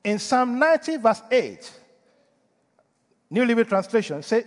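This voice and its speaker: A man's voice: sits high, lively intonation, unhurried, long pauses, long reverb tail. A male pastor delivering a sermon, preaching emphatically and putting rhetorical questions to the congregation. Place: church.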